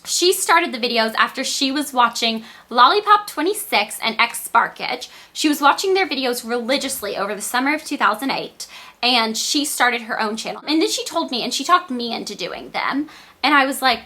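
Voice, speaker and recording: Bright-voiced Southern teen girl, chatty. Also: moderate pace. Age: teens. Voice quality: squeaky. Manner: rambling, chatty, animated. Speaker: beauty vlogger. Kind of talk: casual chat to camera.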